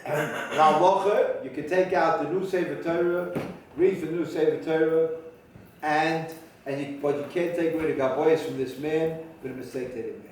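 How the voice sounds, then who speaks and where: A man rabbi teaching a halacha class, talking with halting restarts and sudden emphatic rises in pitch. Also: a little mellow, slight background noise. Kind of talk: spoken Torah lecture. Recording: very echoey room from far off.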